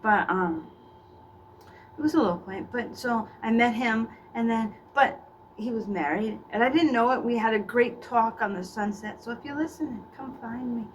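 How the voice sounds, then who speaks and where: A middle-aged comedian plays a faded former child actor, speaking at a moderate pace in a fairly high voice. Her monologue is rambling and gossipy, full of stammered restarts. The mic is distant, with faint background noise.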